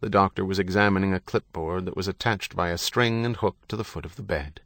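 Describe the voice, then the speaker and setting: Deep-voiced man narrating a story. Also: brisk, fairly bright tone, no echo, studio quality. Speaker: audiobook narrator. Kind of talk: scripted narration.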